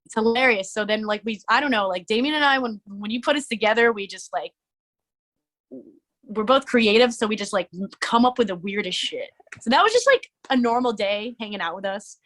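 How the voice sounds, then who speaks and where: A woman's voice: a little high, animated, fairly quick, a bit bright. Chatty young woman, filler-heavy storytelling. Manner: rambling, lots of "like" fillers, laughing. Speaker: musician and streamer, podcast guest. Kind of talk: casual interview chat.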